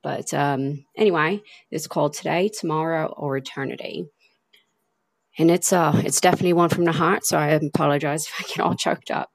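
Low husky woman rambling on her podcast. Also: fairly quick, no room sound. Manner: rambling, heartfelt, lots of fillers. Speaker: podcast host. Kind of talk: casual podcast monologue.

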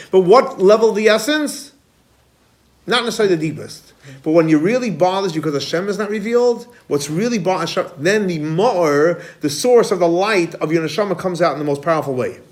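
A man teaching a Kabbalah class as a rabbi, animated, quizzing students and repeating key points. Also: high voice. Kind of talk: classroom lecture.

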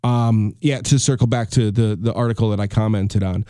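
A man's voice: fairly low pitch, steady tone, normal speed, warm tone, smooth, no room sound, studio quality. A man hosting a solo podcast, ranting with heavy swearing, repeating himself and restarting his sentences. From United States. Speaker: podcast host.

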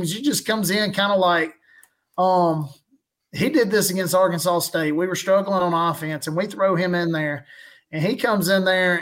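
A man with a high, slightly bright voice chats casually as a guest on a fan podcast about his football team. He rambles through stories and chuckles as he tells them.

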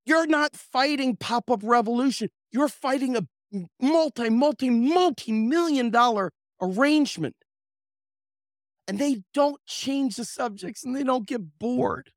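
A man's voice: unhurried, dry recording, clean studio sound. Fiery, foul-mouthed male podcast host. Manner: impassioned, profane, sarcastic; swings from loud outbursts to low mutters. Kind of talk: political commentary rant.

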